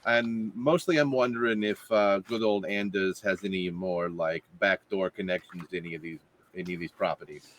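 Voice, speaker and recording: A man playing his character in a tabletop game, friendly and halting with repeated restarts. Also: low voice, steady tone, fairly bright tone. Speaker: player. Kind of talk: in-character tabletop role-play.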